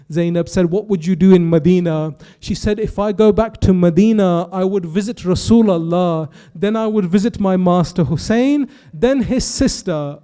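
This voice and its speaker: High, mellow-voiced man giving an impassioned sermon. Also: smooth. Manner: storytelling with quoted dialogue, rising to impassioned intensity. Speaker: speaker at a youth majlis. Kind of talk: emotional religious sermon narration.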